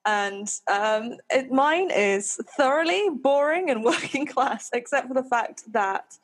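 A woman's voice: high-pitched, expressive, takes it slowly. A woman from Nottingham with a posh southern English accent, a podcast co-host and stand-up comedian chatting casually, self-mocking and laughing often. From Nottingham, England. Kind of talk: casual chat.

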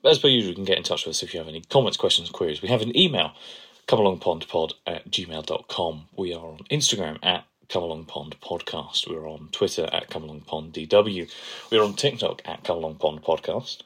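A man's voice: sits low, brisk, a bit bright, slightly rough. A man co-hosting a podcast, chatting playfully and enthusiastically. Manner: playful, enthusiastic, gushes over quotes. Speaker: podcast co-host. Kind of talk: casual chat.

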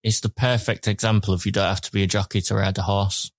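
A man's voice: lowish voice, flat delivery, quick pace, dry recording, studio quality. A man co-hosting a podcast, chatting casually with rambling, hesitant phrasing. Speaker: podcast co-host. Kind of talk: casual chat, reviewing a series.

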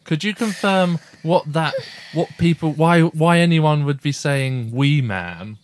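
A man's voice: fairly high pitch, measured pace. A man hosting a family podcast, asking friendly questions and laughing along with his guest. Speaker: podcast host, a father. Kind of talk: casual interview chat.

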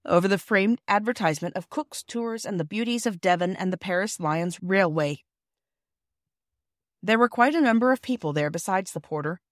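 A woman narrates a classic children's book in a gentle, steady storytelling voice at a mid pitch. The recording is close and dry, with no room sound at all. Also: no room sound. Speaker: audiobook reader. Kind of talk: scripted narration.

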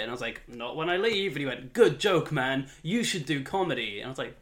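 Bright-voiced young man telling funny stories. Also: fast talker, few pauses. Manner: animated, laughing, mimics others in lower voice. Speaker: podcast co-host. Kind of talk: casual comedic storytelling.

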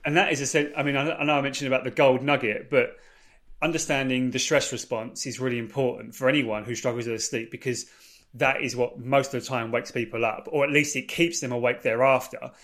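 A man talks through sleep advice in a relaxed podcast conversation. He explains patiently, piling up rephrasings and lists. His pitch sits in the middle for a man. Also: fairly quick. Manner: explanatory, repeats and rephrases points. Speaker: sleep expert. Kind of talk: casual podcast chat.

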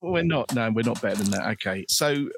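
A man's voice: mid-range voice, animated, fast talker, creaky, slight background noise. A man co-hosting a podcast, moving the show along with light jokes. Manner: light, jokey, steers the running order. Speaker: podcast co-host. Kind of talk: casual football chat.

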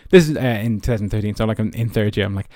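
On the low side and slightly mellow, the voice of this Irish podcast host in his early twenties comes out rapid-fire, recorded at studio quality without echo. He's chatty, telling personal stories in a rambling way laced with "like" and "you know."

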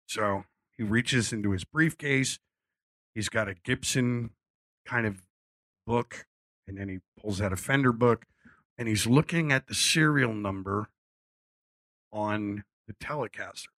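A middle-aged man telling a casual, animated story, acting out what people said and swearing freely. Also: lowish voice, no echo. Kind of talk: casual anecdote.

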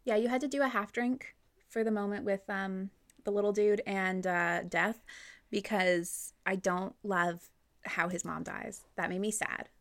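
Young woman with a gravelly, foul-mouthed manner. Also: medium pitch, fairly even intonation, a little slow. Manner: swears a lot, blunt and joking. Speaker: podcast co-host. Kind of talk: casual book-club chat.

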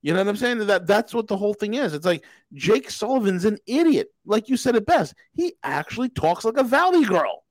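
A male podcast host rants with a lively voice that jumps up and down in pitch. He hammers the same phrase again and again and trips into restarts. The sound is close and dry. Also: a little fast, no echo. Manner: emphatic, repetitive, restarts mid-sentence. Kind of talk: casual political rant.

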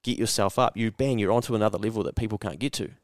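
A man's voice: fairly low pitch, fast talker, dry recording, studio quality. A man with a New Zealand accent hosting a casual podcast chat, telling stories frankly and swearing freely. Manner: candid, sweary storyteller acting out his own thoughts. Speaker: podcast host.

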